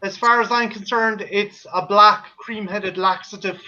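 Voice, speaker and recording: Irish man host, high bright voice, foul-mouthed ranter, casual podcast chat. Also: fairly even intonation, unhurried. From Ireland. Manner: profane, ranting storyteller. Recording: slightly muffled audio.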